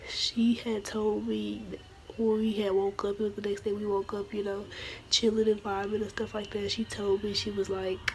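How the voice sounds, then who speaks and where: A woman telling a casual storytime vlog while she is losing her voice, hoarse and partly whispering as she rambles and corrects herself. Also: medium pitch, flat delivery, moderate pace, a little mellow, slight background noise, low-quality recording. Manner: rambling, with restarts and self-corrections. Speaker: vlogger.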